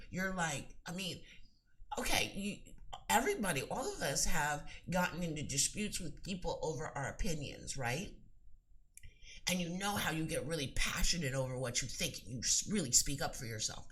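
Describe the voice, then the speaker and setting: A woman's voice: low voice, big pitch swings, normal speed, a bit bright. A woman speaking earnestly and emphatically as a psychic teacher, giving spiritual advice in a rambling monologue with frequent restarts.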